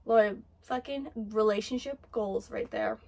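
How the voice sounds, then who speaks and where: A woman hosting an anime reaction, gushing and excitable as she comments live and swears freely. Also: mid-range voice.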